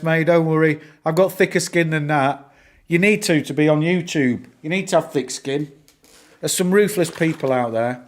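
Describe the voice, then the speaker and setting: A man's voice: on the high side, normal speed. A middle-aged man from northern England with a northern English accent, chatting casually with viewers on a live stream, rambling and full of fillers. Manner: chatty, rambling, answers chat, lots of fillers. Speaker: livestream host.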